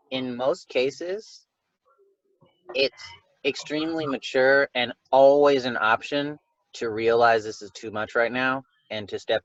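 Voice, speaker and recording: A man's voice: mid-range voice, fairly bright tone, no echo. A man leading a casual group discussion, speaking in a rambling way with many fillers and restarts. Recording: dull lo-fi recording.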